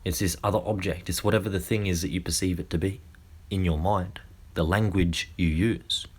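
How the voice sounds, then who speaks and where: Man, deep low voice, lecture-style monologue, slow deliberate phrasing, restarts. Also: fairly even intonation, a little mellow, husky. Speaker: speaker.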